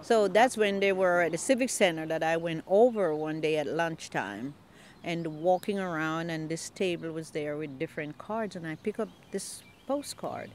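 Older woman gardener, lively storyteller acting out quoted voices, outdoor interview. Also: low voice, moderate pace, a little hiss or hum. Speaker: longtime community gardener.

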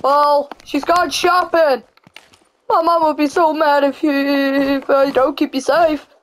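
A woman puts on a stern, protective father in a game role-play. He scolds firmly and slowly, his voice pushed lower but still fairly high. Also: level tone. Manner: firm, scolding.

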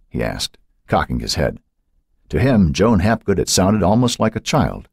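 A man narrating an audiobook in a measured storytelling manner. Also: lowish voice, big pitch swings, husky, dry recording, clean studio sound. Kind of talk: scripted narration.

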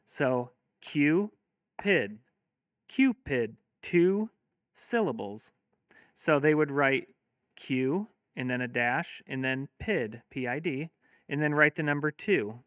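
A man walking teachers through a syllables worksheet, sounding out each word slowly, then pitching a membership. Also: fairly bright tone, dry recording, clean studio sound. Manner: slow, sounds words out in syllables; upbeat promotional pitch. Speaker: teacher resource presenter.

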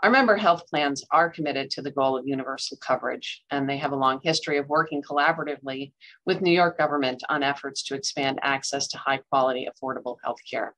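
Bright-voiced woman reading formal testimony. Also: a bass voice, rough recording. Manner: formal, measured. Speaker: health plan association executive. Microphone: video call.

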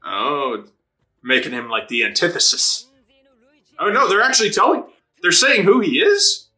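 With a fairly high-pitched voice, a man watches an anime episode and reacts in a casual, excitable way, laughing frequently. Heavy swearing mixes with quick character impressions.

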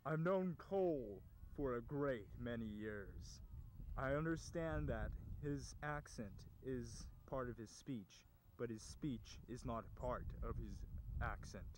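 A man's voice: medium pitch, lively intonation, slow, slight background noise, rough recording. A young man giving anonymous, solemn, secretive testimony in a comedy sketch. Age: young adult. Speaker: anonymous interviewee. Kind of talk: mock dramatic testimony.

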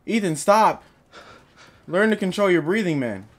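This young man is a gaming YouTuber narrating his own playthrough of a horror game, nervous and panicky as he addresses himself and his audience. He has a high, fairly bright voice with lively intonation and a slightly slow delivery.

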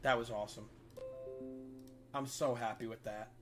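A young man streaming a shooter game, reacting loudly and swearing at the plays. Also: mid-range voice, moderate pace, music in the background. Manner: excitable, swearing, yells and laughs at plays. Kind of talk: live game streaming commentary.

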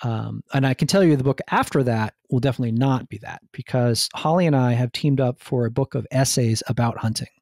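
A man's voice: medium pitch, brisk, hardly any pauses, a little mellow, no room sound, studio quality. A man from New Jersey, a guest on a podcast interview, talking enthusiastically and rambling with many restarts. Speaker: guest, food writer and hunter.

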